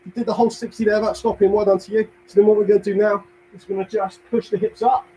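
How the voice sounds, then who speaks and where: A man's voice: sits high, flat delivery, racing, dark tone, slight background noise, rough recording. A young man with a London accent leading a live home workout class, counting down reps, cheering people on and cracking small jokes. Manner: upbeat, counts reps, jokey asides, cheers viewers on. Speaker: fitness instructor.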